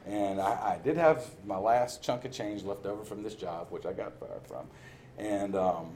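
A man's voice: fairly low pitch, moderate pace, warm tone, slight background noise. A man sharing his recovery story in a candid testimony, telling it with self-mocking humor and frequent laughter. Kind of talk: personal testimony talk.

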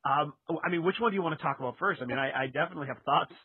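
A man's voice: a little high, racing, breathy edge, no room sound. A man co-hosting a casual chat, rambling and laughing, with lots of fillers. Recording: tinny phone-like sound.

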